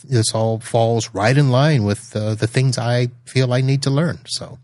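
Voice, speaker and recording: A man's voice: mid-range voice, fairly even intonation, a little slow, darkish tone, no room sound. A man hosting a podcast, easygoing and joking at his own expense as he wraps up an interview. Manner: easygoing, laughs at himself. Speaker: podcast host. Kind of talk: conversational interview.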